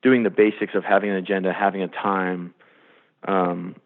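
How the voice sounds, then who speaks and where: A man, a sports executive, telling animated stories in a podcast interview and acting out the quotes. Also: sits low, moderate pace. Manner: animated storyteller, acts out quotes. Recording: phone-line quality.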